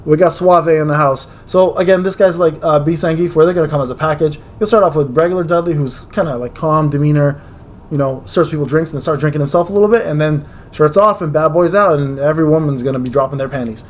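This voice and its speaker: A man with a slightly high voice hosts a gaming video, offering casual, rambling, slangy tier-list commentary full of jokes and quick restarts.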